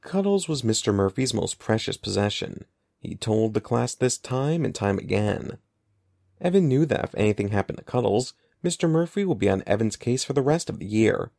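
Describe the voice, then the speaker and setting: A man narrating an audiobook in an expressive, lively storytelling manner. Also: on the low side, normal speed, creaky, dry recording, studio quality. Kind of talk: scripted narration.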